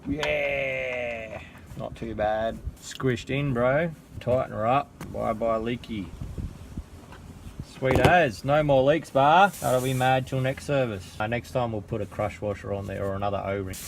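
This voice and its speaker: A man's voice: lowish voice, fairly even intonation, normal speed, vocal fry, few pauses, noisy background. An Australian man who is sick with a sore throat chats casually while working under a car, full of dry, joking sarcasm. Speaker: home mechanic vlogger.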